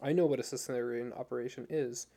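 A man voicing an exhausted young pregnant woman who speaks softly but firmly. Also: medium pitch, fast, gravelly. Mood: quietly determined. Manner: soft, steady, firm.

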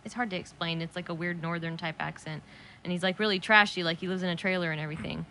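A woman's voice: lowish voice, fairly even intonation, fast, bright, forceful tone. A woman chatting casually on a podcast, laughing often and trailing off mid-thought. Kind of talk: casual chat.

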